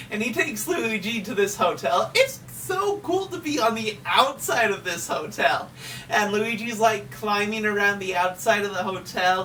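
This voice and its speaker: A woman casually recapping a video game in a chatty, relaxed way, with frequent fillers. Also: mid-range voice, distant mic, slight background noise. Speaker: gaming video host.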